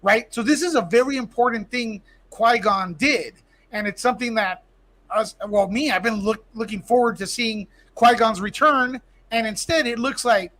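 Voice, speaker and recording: A man with a high voice talks on a casual podcast. He rants passionately as a fan and keeps saying bro. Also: moderate pace, fairly bright tone. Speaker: podcast co-host. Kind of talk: casual chat.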